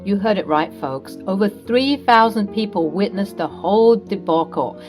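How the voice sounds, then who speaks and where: A woman's voice: mid-range voice, expressive, moderate pace, a little mellow, soft background music. A woman narrating a scripted story in a dramatic, recounting manner.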